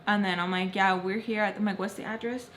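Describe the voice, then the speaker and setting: Animated young woman telling a story. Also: mid-range voice, a little fast. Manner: animated storytelling, acts out quoted voices. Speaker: vlogger. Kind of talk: storytime while doing makeup. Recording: faint background noise.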